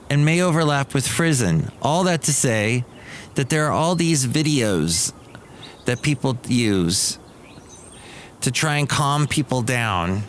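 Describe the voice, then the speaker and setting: A man's voice: medium pitch, expressive, unhurried. A middle-aged man hosting a comedy podcast in a loose, rambling way, stopping and restarting his sentences. His voice sits in an ordinary mid range, with a faint hiss of room noise behind him. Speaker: podcast host. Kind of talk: casual comic monologue.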